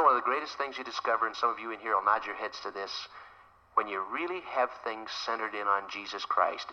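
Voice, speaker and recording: A middle-aged man preaching a sermon, loud and emphatic, with sudden rises in pitch and acted-out quotes of husbands and wives. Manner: acts out quoted dialogue between spouses. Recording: dull lo-fi recording with long hall reverb.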